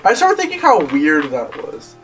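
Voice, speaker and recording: High, lively young man telling stories. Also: normal speed, far from the mic, soft background music. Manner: rambling storyteller, laughs often. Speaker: podcast co-host. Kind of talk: casual chat.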